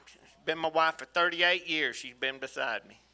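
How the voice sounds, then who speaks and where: A middle-aged man with a Louisiana accent, an auctioneering student calling bids in a rapid, repetitive auction chant at a sale in an auction hall. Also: on the high side, sharp tone, a little hiss or hum.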